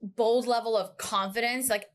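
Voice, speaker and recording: A woman guest on a podcast, telling her story in a casual, animated, chatty way full of asides. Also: fairly high pitch, moderate pace.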